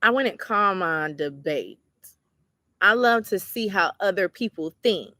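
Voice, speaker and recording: Chatty woman with a bright voice. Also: mid-range voice, measured pace, dry recording, clean studio sound. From Georgia, US. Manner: chatty, relaxed, talks straight to the viewers as y'all. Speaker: livestream host and tarot reader. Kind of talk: casual livestream chat reading viewer comments.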